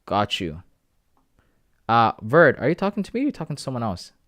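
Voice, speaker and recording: A young man, chatting casually on a trading livestream, laid-back and slangy, reading out comments and breaking into loud shout-outs. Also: medium pitch, very animated, a little fast, dry recording, studio quality. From Canada. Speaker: live-streaming forex trader.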